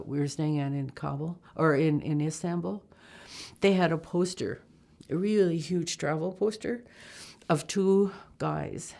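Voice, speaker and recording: A woman telling a personal travel story in a lively way, acting out other people's voices and laughing often. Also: deep voice, vocal fry.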